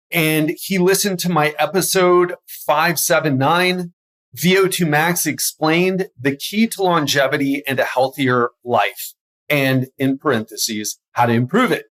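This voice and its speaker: A man's voice: on the high side, slow, a bit bright. A man hosting a health podcast as a coach, talking energetically and stumbling over his words now and then. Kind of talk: solo podcast monologue.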